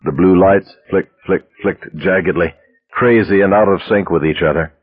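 Low-voiced man narrating a story, tinny sound. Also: normal speed. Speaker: audiobook narrator. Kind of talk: scripted narration. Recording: dry tinny phone-like sound.

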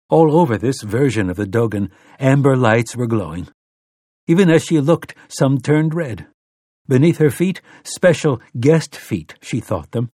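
Husky man narrating an audiobook. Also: medium pitch, unhurried, no echo, studio quality. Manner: steady, dramatic storytelling. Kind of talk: scripted narration.

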